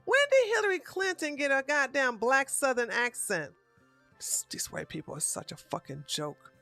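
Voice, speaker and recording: A woman hosting a political commentary stream, ranting in a blunt and heavily profane way. Her voice sits fairly high and rings bright and forceful. Faint music plays underneath her talk. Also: expressive, moderate pace, vocal fry. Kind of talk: live-stream commentary rant.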